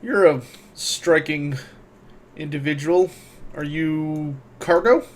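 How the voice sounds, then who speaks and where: A man's voice: on the high side, slow. Wary young barmaid in a pirate port, voiced by a man, matter-of-fact and gossipy, slightly raised voice. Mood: guarded.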